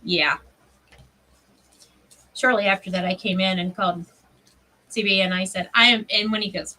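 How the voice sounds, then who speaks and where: A woman, hosting a craft livestream and telling stories in an animated way, laughing often. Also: mid-range voice, moderate pace, long pauses, recorded from a distance, low-quality recording. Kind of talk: casual chat while crafting.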